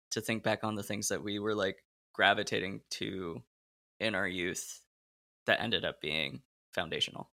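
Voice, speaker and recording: A man hosting a podcast, relaxed and reflective, with plenty of "like" fillers. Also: on the low side. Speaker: podcast host. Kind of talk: casual chat.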